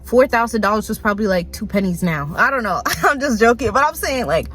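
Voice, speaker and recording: A young woman ranting casually into her phone, rambling with lots of "like", quick laughs and mock voices. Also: a little high, expressive, a bit bright. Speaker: vlogger. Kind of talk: casual rant to camera.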